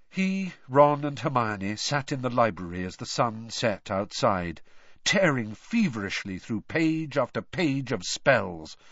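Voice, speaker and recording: A man reading a novel aloud with expressive storytelling. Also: medium pitch, no room sound, muffled recording. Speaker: audiobook reader. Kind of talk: scripted narration.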